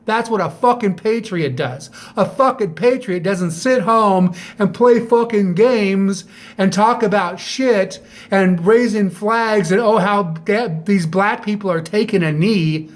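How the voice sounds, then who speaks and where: Talking directly to the camera a little slowly, a middle-aged vlogger with a high-pitched voice launches into a bitter, foul-mouthed monologue. He keeps firing off pointed rhetorical questions.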